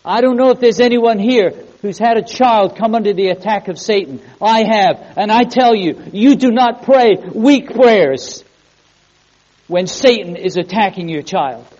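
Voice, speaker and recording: A male pastor with a notably high voice preaches with earnest emphasis. He repeats key words and throws questions out to the congregation. The sound is a little dull and muffled. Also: normal speed, hardly any pauses, a little mellow. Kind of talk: sermon.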